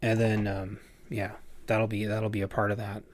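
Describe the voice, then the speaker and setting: A man's voice: lowish voice, completely flat delivery, normal speed, dry recording. A man casually chatting on a livestream while playing a game, rambling with lots of fillers and restarts. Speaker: game streamer.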